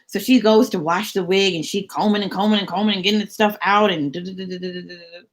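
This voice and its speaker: A young adult woman telling a story as a rant to her vlog audience, animated and sassy, repeating words for emphasis. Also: medium pitch, quick pace. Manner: sassy, mocking asides. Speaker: vlogger.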